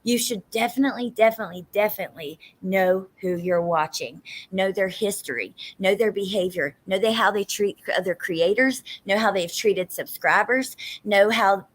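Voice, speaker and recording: A woman's voice: mid-range voice, moderate pace, hardly any pauses. A woman with a Southern US accent chatting casually on a livestream, reading viewer comments and swearing emphatically now and then. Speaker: true crime livestream host.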